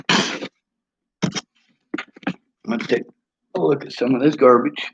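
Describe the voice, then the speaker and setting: A vlogger with a gravelly, mid-range voice films himself on a handheld phone as he tours his small, cluttered apartment. His angry, profane monologue is animated yet unhurried, broken by long pauses, and his tone is blunt and aggrieved. The phone recording sounds dull and lo-fi.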